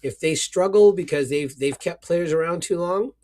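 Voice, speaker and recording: A man's voice: on the high side, moderate pace, a little mellow. A man co-hosting a casual sports podcast, ranting with sarcastic mock sadness. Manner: sarcastic, mock-emotional rants. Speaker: podcast co-host.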